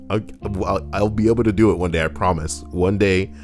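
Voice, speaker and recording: A man's voice: low voice, brisk, soft background music. A young man reading Reddit posts and riffing on them in a crude, joking, rambling way. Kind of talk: casual commentary.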